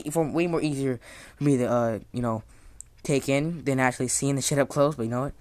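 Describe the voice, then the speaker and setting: A woman's voice: very deep voice, fairly even intonation, a little fast, darkish tone, low-quality recording. A woman improvising a fan story in casual, rambling talk, full of swearing and restarts, and snapping defiantly at critics. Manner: rambling, profane, frequent restarts.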